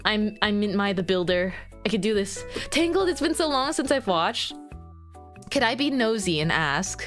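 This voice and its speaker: Streaming from home as a VTuber, a woman with a medium-pitched, fairly bright voice chats casually with her viewers. She's bubbly and giggly, rambling from topic to topic over faint background music.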